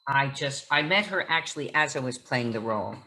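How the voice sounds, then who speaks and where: Woman, actress, onstage book-talk guest, theatrical storyteller, bright ringing voice. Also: very deep voice, lively intonation, brisk, slight background noise, rough recording.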